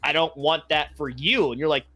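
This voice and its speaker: A man with a sharp, bright voice pitched a little high, recorded dry and close. He co-hosts a podcast and talks earnestly, tripping over the starts of his sentences before he finds the point. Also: a little fast, dry recording. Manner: stammering restarts, earnest. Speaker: podcast co-host. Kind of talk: casual chat.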